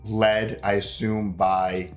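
A man with a lowish, sick-sounding, congested voice co-hosts a movie reaction, talking slowly in a flat delivery with faint music in the background. It's casual chat: he rambles, fills the gaps with lots of fillers, and swears casually.

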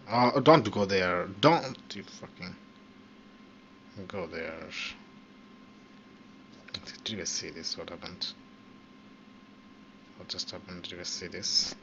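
Man, deep slow voice, casual gameplay commentary, excitable and profane, dull lo-fi mic with background noise. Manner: excitable, swears often at the game. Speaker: gaming channel host.

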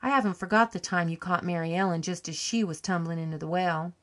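A woman reading an audiobook, voicing a cheery, warm-hearted country farm wife with a folksy rustic dialect. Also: on the low side, fast talker, lightly acted. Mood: hospitable.

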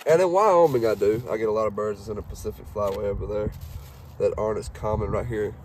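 A man's voice: fairly low pitch, quick pace. A man in his twenties with a thick Southern accent, chatting in a folksy, rambling way with lots of fillers as he cleans a duck outdoors by his truck. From Mississippi. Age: 20s. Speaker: hunting guide. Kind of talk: casual talk while cleaning a duck. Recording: outdoor recording with faint background noise.

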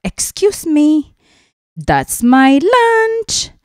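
A prim, polite little boy mouse scolds in a high, tidy voice, as a woman reading a picture book puts him on. The voice is lifted well above her own pitch and sounds dry and close. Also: wildly swooping pitch, very slow, darkish tone, no echo, full character voice. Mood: indignant.

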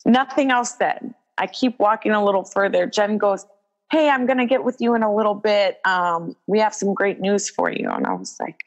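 A young adult woman who wrestles tells a story as an interview guest, animated and casual, acting out quoted dialogue and using lots of "like". Her voice is medium-pitched at a normal speed, and the recording sounds muffled.

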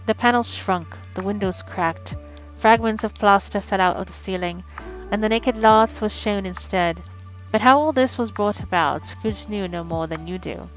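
A woman narrating a classic story aloud, measured and expressive, at a mid pitch. Soft music plays faintly underneath her reading. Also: rough recording. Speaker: audiobook streamer. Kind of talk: scripted narration.

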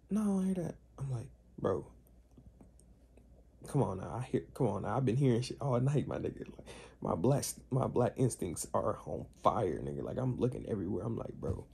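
Gravelly young man telling a wild story. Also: fairly low pitch. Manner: animated slangy storytelling, acts out quotes. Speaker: vlogger. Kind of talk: casual storytelling.

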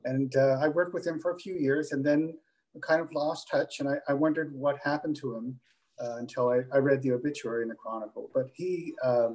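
A man on a video call recalling a former colleague, speaking haltingly with many pauses and restarts. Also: mid-range voice, darkish tone, low-quality recording. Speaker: former colleague sharing memories. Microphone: video call microphone.

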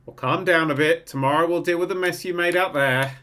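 A man hosting a gaming channel, commentating on a game in an excitable way, often swearing and breaking into laughter. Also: a little high, fairly quick.

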